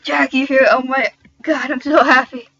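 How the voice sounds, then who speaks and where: A young woman voicing an excitable, friendly young man who gushes loudly. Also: on the high side, normal speed, dull audio, slight background noise, close to an everyday voice. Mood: excited.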